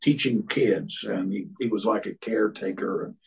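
A man's voice: lowish voice, moderate pace, creaky, husky, recorded from a distance, rough recording. A man in casual discussion, talking hesitantly and searching for words. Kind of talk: casual chat.

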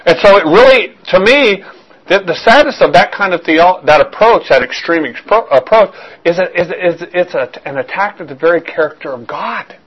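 A man's voice: high voice, lively intonation, moderate pace, fairly bright tone, husky, rough recording. A man preaching with a slightly raised voice, earnest and searching. He asks his listeners direct questions, doubles back on his own words and pushes each point home. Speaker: pastor. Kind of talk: sermon.

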